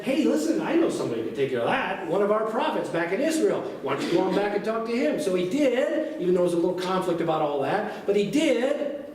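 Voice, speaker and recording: A man preaching a sermon to his congregation in a lively, conversational way, asking them questions as he goes. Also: high-pitched, recorded from a distance, slight background noise. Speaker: pastor. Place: church sanctuary. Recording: very echoey church recorded from afar.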